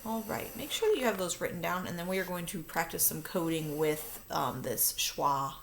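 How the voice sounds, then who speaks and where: A woman teaches a phonics lesson, explaining each step patiently for her video. Her voice is a little low and gravelly. A faint hum sits behind her. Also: moderate pace. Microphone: recording her own video lesson.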